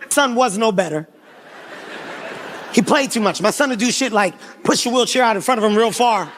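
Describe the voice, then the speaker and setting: Stand-up comic, male, very high bright voice, shouty and animated storytelling on a stage mic. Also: moderate pace, long pauses, a little hiss or hum. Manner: loud, animated, frequent shouting and laughing. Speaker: stand-up comedian. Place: comedy stage before a live audience.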